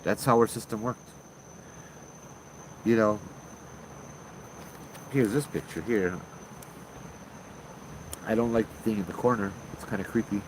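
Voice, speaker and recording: A man tells a ghost story in a loose, chatty way, acting out each exchange. His voice sits on the low side. Faint crickets and insects chirp behind him. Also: a little slow, long pauses, background noise. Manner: chatty, acts out dialogue with fillers and restarts. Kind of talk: casual spoken storytelling.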